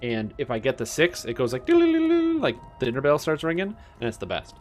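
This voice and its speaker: Young male streamer, mid pitch, casual and amused, faint game music behind. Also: fast talker. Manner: chatty, amused, excitable bursts. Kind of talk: casual gameplay commentary.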